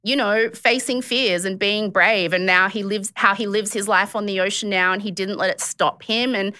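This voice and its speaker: A woman's voice: medium pitch, fairly even intonation, moderate pace, pushed and bright, no room sound, clean studio sound. A woman hosting a podcast, telling a story in a chatty way, with many fillers and laughs. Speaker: podcast host. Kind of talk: casual chat.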